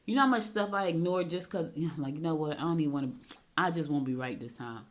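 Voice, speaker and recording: A middle-aged woman hosting a horoscope segment, giving chatty advice and telling quick storytelling asides. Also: low voice. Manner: talks fast when excited. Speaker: radio show host. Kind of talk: casual horoscope segment with chat.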